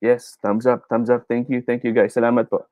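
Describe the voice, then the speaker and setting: A man's voice: medium pitch, level tone, brisk, dark tone, dry recording. Encouraging Filipino male speech teacher. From Philippines. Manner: encouraging, mixes English and Tagalog, reads viewer comments. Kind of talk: live online class, Taglish.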